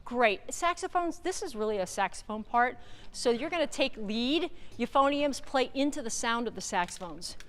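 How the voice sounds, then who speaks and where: A woman working as a band clinician, rehearsing an ensemble on a large theater stage, giving quick directions, counting off and singing syllables to show how the notes should sound. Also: a little high, animated. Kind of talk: rehearsal coaching. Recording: theater reverb with faint noise.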